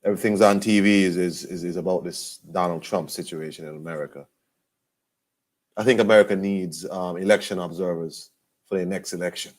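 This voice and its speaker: A man's voice: low voice, fairly even intonation, fairly quick. A man talking casually in a rambling, laid-back way with many fillers and restarts. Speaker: boxing vlogger. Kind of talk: casual monologue.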